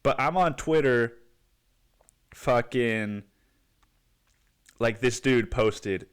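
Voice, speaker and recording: A man's voice: medium pitch, very slow, long pauses, clear, resonant tone. A young man with the sniffles hosting his podcast in a rambling, profane, slangy monologue. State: sniffly with a cold. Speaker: podcast host.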